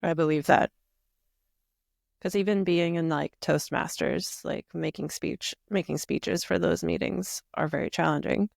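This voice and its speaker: A woman hosting a podcast in a casual conversation, reflective and chatty, with frequent soft affirmations. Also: fairly low pitch, fairly even intonation, a little slow, vocal fry, dry recording, clean studio sound. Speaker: podcast host.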